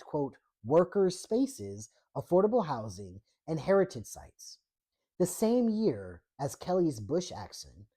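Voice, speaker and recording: A woman's voice: extremely low pitch, dark tone, husky. A woman host reading a book chapter aloud, breaking off for irreverent, profane asides.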